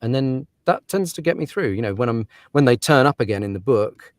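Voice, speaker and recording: A man's voice: mid-range voice, animated, fairly quick, no room sound, clean studio sound. A man who narrates audiobooks, talking through his craft in a casual interview, thoughtful and given to laughs and fillers.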